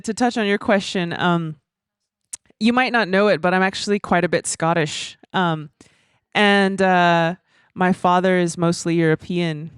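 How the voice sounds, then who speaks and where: Smooth-voiced woman speaking on a panel. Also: on the low side, no echo, studio quality. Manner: chatty, animated storytelling with many fillers. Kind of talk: conversational panel remarks.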